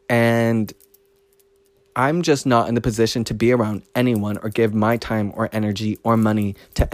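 A man talks into a close mic in his casual podcast monologue, blunt and full of swearing. His voice sits at a medium pitch and climbs higher as he gets worked up. The sound is dry, with no room echo. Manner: blunt, profane and emphatic, rising in pitch when fired up. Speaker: podcast host.

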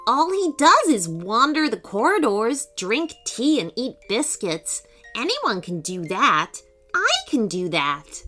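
A moody young schoolboy, played by a woman who groans his complaints in a lively, slightly high voice. He whines and grumbles at every turn, with faint music playing underneath. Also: takes it slowly, full character voice. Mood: grumbling.

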